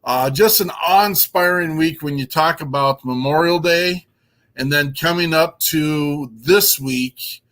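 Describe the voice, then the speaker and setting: A man's voice: a little high, a little slow, a bit bright. A man hosting a casual show, enthusiastic and rambling, with many ums and uhs. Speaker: podcast host.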